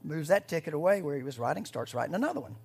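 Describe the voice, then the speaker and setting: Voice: mid-range voice, animated, very fast, vocal fry, slightly rough, faint music behind. Pastor preaching in a conversational, swinging style. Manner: conversational, swings between loud and hushed. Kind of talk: sermon.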